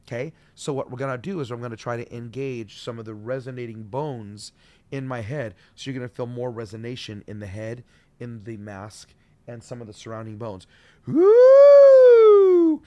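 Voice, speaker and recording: A man giving an upbeat online singing lesson as a vocal coach, explaining technique and demonstrating sounds. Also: mid-range voice.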